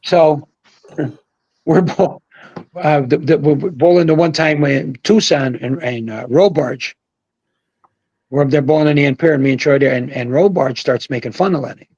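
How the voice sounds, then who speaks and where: Older guy on a video call, gravelly and husky, rambling story, yells the punchlines. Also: a little high, moderate pace, no echo, muffled recording. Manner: rambling, animated storyteller who shouts out quoted lines. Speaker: guest, former pro bowler. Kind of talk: casual storytelling on a livestream. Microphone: video call mic.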